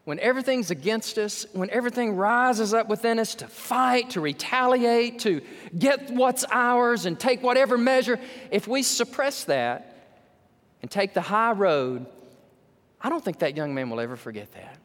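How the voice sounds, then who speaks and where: Animated preacher in a reverberant hall. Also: male voice, very high-pitched, moderate pace. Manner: animated, swinging between loud and hushed. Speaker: pastor. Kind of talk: sermon with storytelling. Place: church sanctuary.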